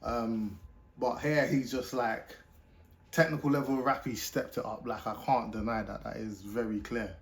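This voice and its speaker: A British man talks loosely through a reaction video at a middling pitch. He pauses the track often to comment in an easygoing, conversational way. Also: fairly even intonation, gravelly.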